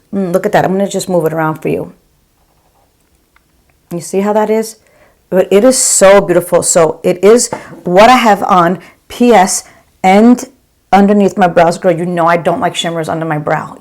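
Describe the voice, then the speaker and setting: A middle-aged woman in her 40s or 50s, a beauty vlogger who also works as an OR nurse, reviews her favorite makeup to camera. She's gushing and chatty, calling viewers "girl," in a mid-range voice with a darkish tone.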